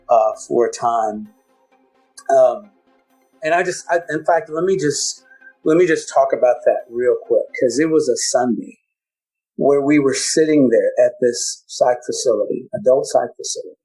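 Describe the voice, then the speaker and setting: A man with a husky, slightly rough voice, speaking at a middle pitch. He tells a deeply personal story as a guest on a talk show, stumbling and restarting his words with feeling. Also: a little mellow, low-quality recording. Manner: emotional, halting, repeats words. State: choked up. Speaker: podcast guest.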